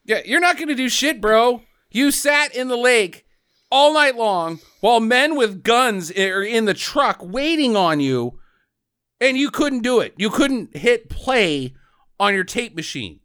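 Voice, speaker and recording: A man casually recapping a movie with a co-host, animated, swearing and mock-quoting the characters. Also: high-pitched, measured pace, clean tone. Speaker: podcast co-host.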